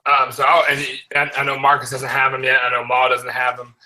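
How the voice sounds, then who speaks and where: Bright, brash sneaker-show host, a man. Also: medium pitch, completely flat delivery, brisk, poor audio. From American South. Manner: loose, profane, joking. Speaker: podcast host. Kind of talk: casual chat.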